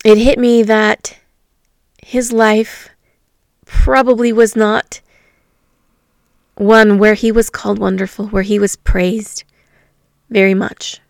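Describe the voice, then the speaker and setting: A woman, a teacher, telling a personal story from her classroom in a reflective, earnest way, pausing often. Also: medium pitch, little pitch movement, creaky, no room sound, clean studio sound. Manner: reflective, earnest, with pauses and fillers.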